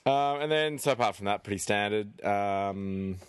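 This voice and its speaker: Aussie guy with a lowish voice, chill and rambly podcast chat. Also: moderate pace, smooth, no room sound. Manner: relaxed, rambling. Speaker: podcast co-host. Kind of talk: casual chat.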